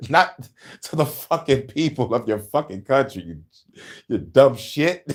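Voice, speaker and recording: A man in his thirties hosting a casual podcast, talking politics and movies with profanity, laughing often and breaking into loud shouted impressions. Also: mid-range voice, big pitch swings, slow pace. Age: 30s. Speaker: podcast host.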